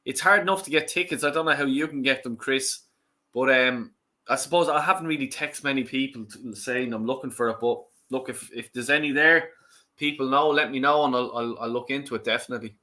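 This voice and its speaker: Excitable Irish man with a bright voice. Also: medium pitch, brisk. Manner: excitable, swears loudly at the match. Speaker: watch-along host. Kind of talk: casual football watch-along chat.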